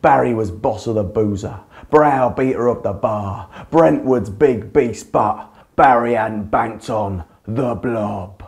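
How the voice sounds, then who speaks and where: A man narrating a comic poem as a performance poet, with a punchy, deliberate delivery that leans on alliteration. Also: mid-range voice, gravelly, a little mellow.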